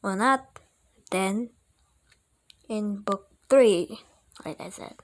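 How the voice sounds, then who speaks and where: A woman's voice: mid-range voice, drawn-out words. A woman reading a children's book aloud, in a playful manner with chatty asides and the odd slip. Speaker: audiobook reader.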